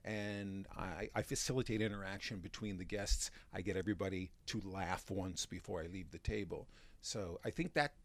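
A man, a magician and stand-up comic, talking in a relaxed interview, restarting sentences as he thinks. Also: low-pitched, moderate pace. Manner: chatty, with frequent restarts and fillers. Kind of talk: interview conversation.

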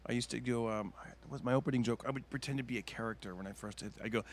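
A male stand-up comedian telling a story in casual chat, rambling with lots of fillers and slipping into quick impressions. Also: mid-range voice, steady tone. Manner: rambling, full of fillers, bursts into cartoon impressions. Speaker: stand-up comedian, podcast guest.

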